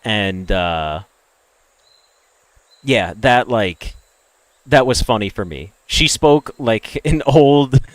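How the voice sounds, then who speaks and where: American guy ranting to his stream chat, loud bursts then mumbly bits, normal pitch, dead dry room. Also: dry recording. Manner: ranting, opinionated, swings between loud emphatic bursts and low mutters. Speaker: game streamer. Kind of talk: casual chat with stream viewers.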